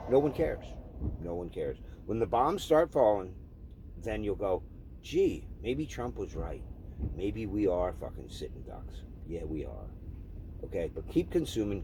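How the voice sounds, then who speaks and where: A man's voice: medium pitch, a little mellow, a little hiss or hum. A man delivering an angry, profane political rant, heated and repetitive. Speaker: vlogger.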